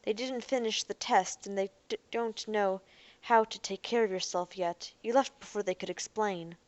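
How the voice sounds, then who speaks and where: A woman voicing a young woman who talks calmly and coaxingly to keep someone talking. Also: medium pitch, moderate pace, natural voice. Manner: soothing, coaxing. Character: young woman, calm and persuasive.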